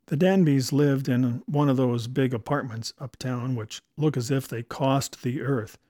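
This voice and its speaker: A man's voice: medium pitch, warm tone, no room sound. A man narrating a comic novel in the first person, dry and wry.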